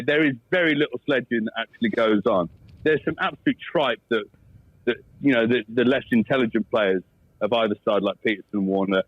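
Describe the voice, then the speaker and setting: An English man, a former cricketer, chatting as a podcast guest in a jokey, animated way. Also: medium pitch, dry recording, dull audio. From England. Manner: jokey, animated, quick to laugh. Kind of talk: casual chat and storytelling.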